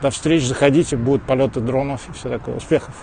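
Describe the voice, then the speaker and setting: Rapid-fire and steady, with a darkish, mid-range tone, a man with a mixed foreign accent chats through a handheld phone while walking suburban streets on a casual livestream. He responds to viewers as he goes, breaking into small laughs and restarting sentences. Clear street noise and traffic fill the background.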